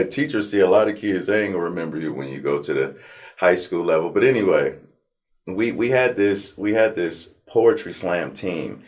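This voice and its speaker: A man from Compton, telling his life story in a relaxed, slangy interview. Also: deep voice. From Compton, California. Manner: animated storyteller, slangy, acts out his past self. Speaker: interview guest.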